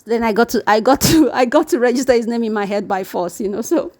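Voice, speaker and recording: A woman vlogger chatting casually to camera, animated and repetitive, acting out the people she quotes. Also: a little high, fast talker. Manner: animated, repeats words, mimics quoted people. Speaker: YouTube vlogger. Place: living in Brazil.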